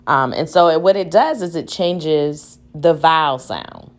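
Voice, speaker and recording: A woman teacher records a reading lesson for children from home. She speaks slowly and patiently in a somewhat low voice, sounding out each word aloud.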